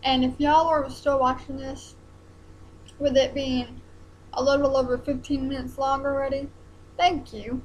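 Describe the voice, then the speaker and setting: A young woman, talking haltingly in a personal vlog while close to tears. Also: sits high, level tone, slight background noise, low-quality recording. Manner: hesitant, halting, many ums and restarts.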